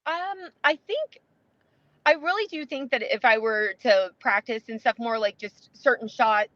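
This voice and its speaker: A woman guest rambles easily through her answers on a podcast, her voice bright and rather high. Fillers and restarts pile up as she talks. The audio is dry and a little dull. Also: measured pace, no echo. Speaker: podcast guest, competitive player. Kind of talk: casual interview chat.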